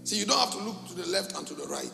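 A middle-aged pastor from Cameroon, preaching a sermon and telling a story with animated, acted-out dialogue in a gravelly voice. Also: male voice, high-pitched, rapid-fire, over music. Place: church hall. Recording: echoey church hall.

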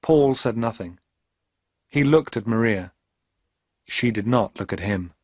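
Slow, clear male storyteller. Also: on the low side, expressive, no echo, clean studio sound. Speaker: narrator. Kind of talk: scripted narration of a graded reader.

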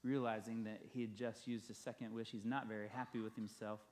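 A man's voice: on the low side, level tone, a little fast, a little mellow. A male pastor preaching a sermon, telling a story and building emphasis through repeated phrases.

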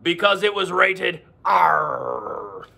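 A man's voice: sits high, expressive, very slow, creaky, bright, forceful tone, exaggerated voice. A man in his forties putting on the voice of a jolly, playful pirate for a children's lesson, with growly "arr"s between his jokes. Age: 40s.

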